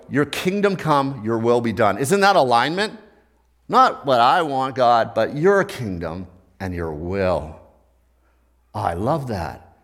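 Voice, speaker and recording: Older male pastor; relaxed, conversational preaching with questions to the congregation. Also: fairly high pitch. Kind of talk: sermon.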